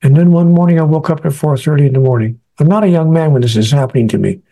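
A man's voice: a little high, quick pace, warm tone. A man being interviewed as an author, telling a personal story earnestly and acting out the lines he quotes. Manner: earnest, acts out quoted speech.

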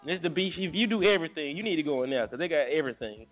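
A man's voice: a little high, lively intonation, very fast. A man hosting a casual morning show, joking and cursing freely. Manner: joking, crude and profane. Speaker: radio show host. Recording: tinny phone-like sound with faint music.

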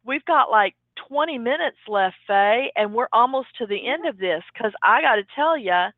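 Upbeat female podcast host, slightly high, tinny phone sound. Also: expressive, normal speed, dry recording. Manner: upbeat and encouraging, addressing listeners directly. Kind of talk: casual chat.

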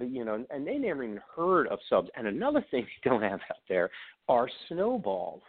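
A man with a Baltimore accent, a guest on an interview show, telling animated stories and acting out the voices of people he quotes. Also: mid-range voice, normal speed. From Baltimore area, Maryland. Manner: animated anecdotes, acts out quoted voices, frequent restarts. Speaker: guest, author and production company CEO. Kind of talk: casual interview storytelling. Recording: tinny phone-like audio.

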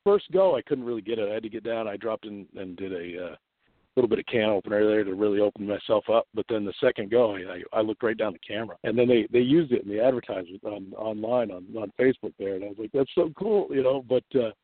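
A man's voice: fairly low pitch, fast, dry recording. A man rambling through a casual story over the phone, full of restarts and laughs. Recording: tinny dry phone line.

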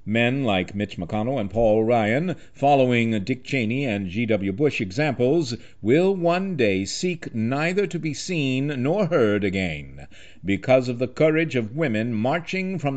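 A man's voice: mid-range voice, sing-song, unhurried. Impassioned male talk radio host. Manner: impassioned, rhetorical, declaiming in lists. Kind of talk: scripted political commentary.

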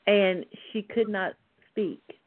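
A woman's voice: mid-range voice, steady tone, slow pace, dry recording. A woman co-hosting a radio talk show, earnestly recounting a personal story. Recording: dry, phone-like narrow band.

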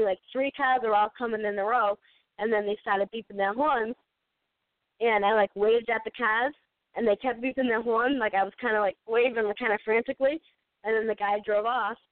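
A woman's voice: on the high side, dry recording. Rambling thirtysomething woman on a phone line. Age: 30s. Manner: rambling, laughs often. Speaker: podcast co-host. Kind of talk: casual storytelling chat. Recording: dry, tinny phone-like sound.

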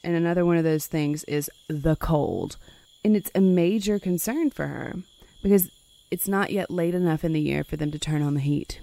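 A woman's voice: deep voice, normal speed, creaky, dark tone. A woman hosting a conversational history podcast, reading passages aloud dramatically and adding wry asides. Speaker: podcast host.

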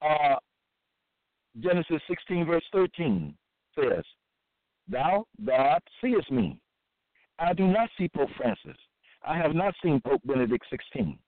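A man reads verses aloud and comments on them in a slow, halting way, full of restarts and repeated phrases. His voice sits somewhat high. The sound is thin and phone-like, with no room echo. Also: sing-song. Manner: halting and repetitive, with many fillers and restarts. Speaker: self-styled preacher. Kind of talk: scripture-reading monologue. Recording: dry, tinny phone-like sound.

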